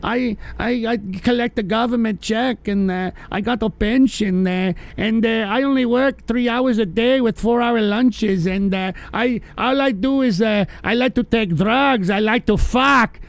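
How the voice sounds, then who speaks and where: A man's voice: extremely high pitch, a little slow, few pauses, no echo. A man putting on a smug, drawling lazy socialist to mock him, full of uhs. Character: mocking lazy self-satisfied male socialist.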